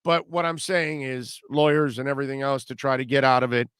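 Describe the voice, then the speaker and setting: A man's voice: mid-range voice, steady tone, brisk, fairly bright tone, smooth, no echo, clean studio sound. A man hosting sports talk radio, blunt and rambling, with sarcastic asides.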